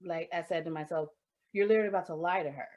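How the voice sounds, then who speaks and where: A woman's voice: on the low side, very fast, a little mellow. A woman co-hosting a podcast, talking openly and emotionally about happiness and swearing freely. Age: adult with a child. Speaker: podcast co-host. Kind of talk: candid casual chat.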